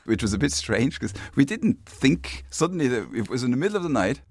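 A man's voice: medium pitch, big pitch swings, fairly quick, darkish tone, no echo. A German man in his fifties with a German accent, chatting as an interview guest, friendly and thoughtful, repeating words as he searches for them. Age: 50s. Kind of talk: casual interview chat.

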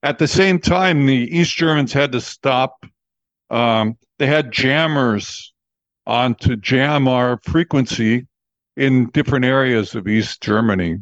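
A man in his seventies with an American accent, a radio disc jockey telling stories in a relaxed interview, chatty and laughing often. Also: medium pitch, slow, no echo, highs cut off. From Texas, USA. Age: 70s. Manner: chatty, laughs often, acts out quoted voices.

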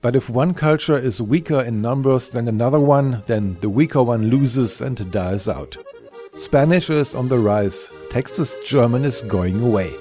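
A man narrates a documentary in a warm, mellow voice. His delivery is measured with a light wry edge. Faint music sits softly in the background. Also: mid-range voice. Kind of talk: scripted narration.

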